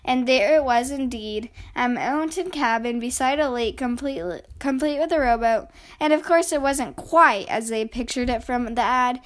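A woman narrates a children's picture book aloud at a steady pace, stumbling now and then over a word. Her voice sits a little high. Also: normal speed, few pauses. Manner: steady read-aloud with small slips. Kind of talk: reading a children's storybook aloud.

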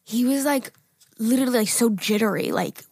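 A woman's voice: a little high, normal speed, vocal fry, slightly rough, no echo, studio quality. A woman in her twenties co-hosting a podcast, telling stories in casual chat with frequent laughs and swearing. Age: 20s. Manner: animated storytelling, laughs often, swears. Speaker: podcast co-host.

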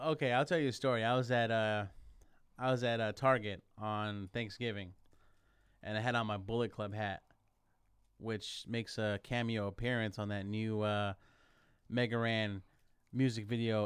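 Brief: male podcast host, playful storyteller, smooth clear voice, dry close mic. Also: fairly low pitch, no room sound. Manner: loud, joking, swears freely, animated storyteller. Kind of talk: casual podcast chat.

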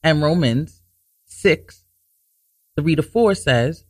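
A man hosting a Bible teaching talk show, explaining scripture earnestly, restarting sentences to stress his points and reading verses slowly. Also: on the high side, expressive, no room sound, clean studio sound. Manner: reads scripture slowly and deliberately.

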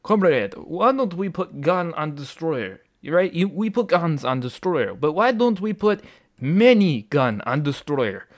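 A man putting on a mock Russian accent to play a boastful male naval engineer who speaks in loud, broken grammar. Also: a little high, big pitch swings, unhurried.

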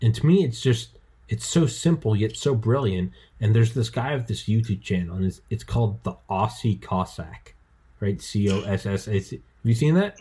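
A man's voice: fairly low pitch, expressive, moderate pace, warm tone, slightly rough. A man hosting a podcast in casual chat, rambling through stories, swearing and acting out quotes in a raised voice. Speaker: podcast host.

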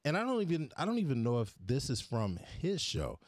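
A man's voice: medium pitch, wildly swooping pitch, fairly quick, dry recording. A man hosting a podcast in casual chat, laid-back and slangy, with some hesitations. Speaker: podcast host.

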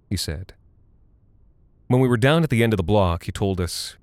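A man giving a measured, somber first-person scripted horror narration. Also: low voice, a little mellow, no echo. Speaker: narrator and voice actor.

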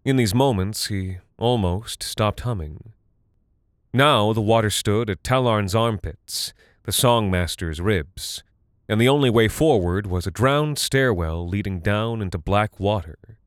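Brief: male audiobook narrator, unhurried and deliberate, deep voice, dry studio sound. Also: no room sound. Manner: measured, deliberate storytelling.

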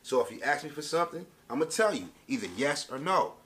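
A man's voice: fairly high pitch, lively intonation, quick pace, fairly bright tone. A man telling a story to camera as a casual rant, with streetwise slang and emphatic delivery. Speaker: vlogger.

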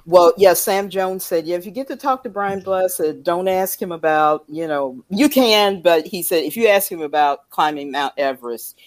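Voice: medium pitch, normal speed, few pauses, dry recording. A co-host chatting casually on a live stream, telling a story and losing track of words.

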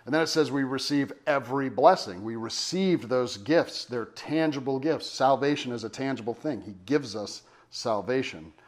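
A man's voice: medium pitch, moderate pace, hardly any pauses. A man reading scripture aloud and then teaching on it in a casual, conversational way, with many fillers and emphatic asides. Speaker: Bible teacher. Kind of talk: casual Bible study teaching.

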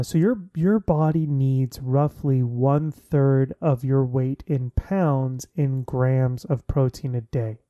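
Casting: man, 30s, loose jokey chatter, mellow low-toned timbre, dry close sound. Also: dry recording. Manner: chatty, filler-heavy, jokey. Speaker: vlogger. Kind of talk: casual chat to listeners.

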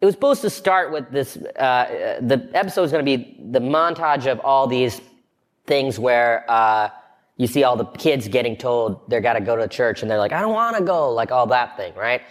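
Man telling animated, laughing stories. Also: mid-range voice, moderate pace. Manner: animated storyteller, acts out quoted lines, laughs often. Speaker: guest, comedian and show creator. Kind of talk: casual interview chat.

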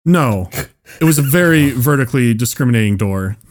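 A man's voice: mid-range voice, animated, brisk. A man telling a long story on a casual comedy podcast, rambling and restarting sentences, swearing and laughing as he goes. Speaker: podcast co-host.

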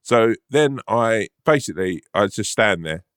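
A man's voice: on the low side, lively intonation, measured pace, fairly bright tone, clean tone, no echo, clean studio sound. A man co-hosting a podcast, telling a sweary, laughing anecdote in casual chat. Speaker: podcast co-host. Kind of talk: casual storytelling.

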